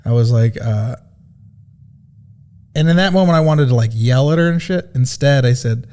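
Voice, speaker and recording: A man's voice: medium pitch, normal speed, mellow. A man, a guest comedian, telling casual, profane, self-mocking stories on a podcast.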